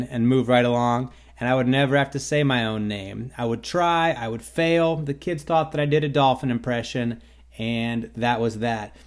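A man's voice: mid-range voice, steady tone, normal speed. A man hosting a solo talk show, telling stories in a wry, rambling way with sarcastic asides. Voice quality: stutters on his own name at times. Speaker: podcast host. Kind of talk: casual solo monologue.

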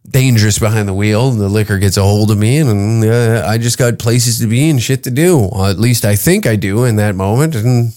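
A man's voice: lowish voice, moderate pace, hardly any pauses, darkish tone. A man from Canada hosting a podcast, riffing in a crude, rambling comedic monologue and putting on voices for the people he quotes. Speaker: podcast host.

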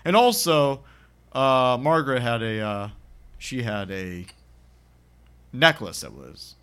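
Bright-voiced man recapping a film. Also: medium pitch, big pitch swings, takes it slowly, clear, resonant tone. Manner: rambling, acts out characters' lines with bursts of laughter. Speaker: podcast co-host recapping a film. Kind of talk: casual chat.

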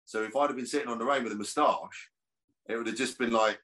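A man's voice: medium pitch, fairly even intonation, fast talker, fairly bright tone. Chatty man, rambling. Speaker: actor guest. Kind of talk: casual podcast chat.

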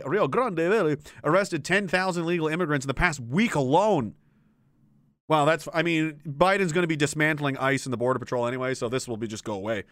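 Guy ranting, sarcastic, swears a lot, kinda high voice, dry sound. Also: fairly bright tone, no room sound. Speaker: political commentator. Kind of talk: ranting commentary.

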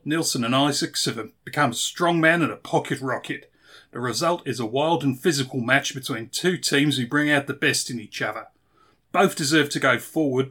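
A man doing a boisterous Australian bloke who booms out a match review with slangy cheer. His tone stays bright and forceful throughout, all chummy bravado. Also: husky. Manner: loud and chummy, slangy sign-off.

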